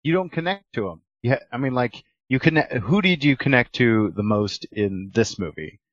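A man co-hosting a podcast in casual chat, joking and quick to laugh. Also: mid-range voice, animated, dry recording, lo-fi sound. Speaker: podcast co-host.

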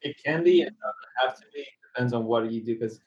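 A man chatting casually, telling a story in a relaxed way and animated when quoting others. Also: medium pitch, fast talker, slight background noise. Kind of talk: casual chat. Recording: slightly dull lo-fi sound.

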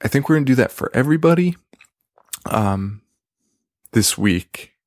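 A man hosting a podcast on his own, rambling casually in a half-quiet voice with lots of fillers and a self-deprecating streak. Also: medium pitch, lively intonation, moderate pace, no echo, studio quality. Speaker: podcast host. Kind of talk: casual solo podcast chat.

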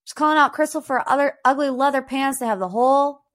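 A woman's voice: sits high, quick pace. Sarcastic, opinionated woman podcast host. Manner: sarcastic and opinionated, many rhetorical questions; chatty, frequent "you know" and "like". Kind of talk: casual pop-culture commentary.

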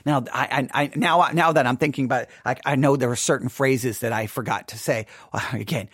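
A man's voice: mid-range voice, a little fast, a bit bright, husky, no room sound, clean studio sound. A man preacher retelling a funeral sermon he gave, earnest and emphatic, often restarting his sentences.

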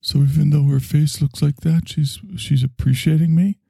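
A man's voice: on the high side, flat delivery, normal speed, creaky, mellow, slightly rough, no echo, full character voice. Skeptical man doing a puzzled everyday guy. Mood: doubtful. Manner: questioning, plain, doubtful.

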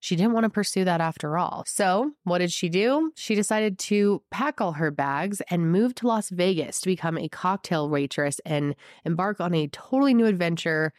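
A young woman with a head cold hosts a true crime show, her low voice scratchy and congested. She tells the case with emphatic, chatty asides and a fired-up indignation. The sound is close and dry. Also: expressive, moderate pace, hardly any pauses, darkish tone, no echo. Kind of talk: true crime storytelling to camera.

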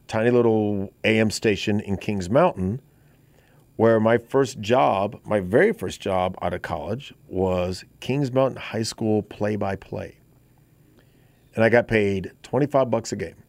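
Fifties guy doing talk radio, lowish voice, rambly and chatty, dry close mic. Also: darkish tone, dry recording. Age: 50s. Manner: conversational, rambling with restarts. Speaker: radio talk show host. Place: radio studio.

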